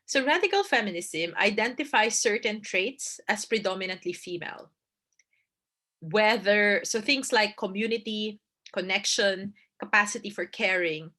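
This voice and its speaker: A woman's voice: medium pitch, animated, moderate pace, bright, forceful tone. A woman giving a casual debate lecture, conversational and emphatic, often tagging points with "right?" and repeating phrases for stress. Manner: conversational, frequent "right?" and "you know" asides.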